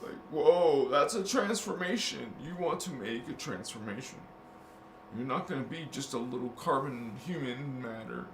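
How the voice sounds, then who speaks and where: The host of a spiritual video channel, this man has an expressive mid-range voice and a moderate pace. He's casual and jokey, full of crude slang, and chuckles at his own humor, recorded with roomy echo and faint noise.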